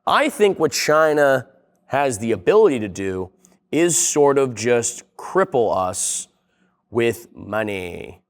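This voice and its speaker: A man's voice: mid-range voice, sing-song, takes it slowly. A young man hosting a casual comedic video essay, rambling and sarcastic, with plenty of swearing. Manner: profane, rambling, sarcastic storyteller.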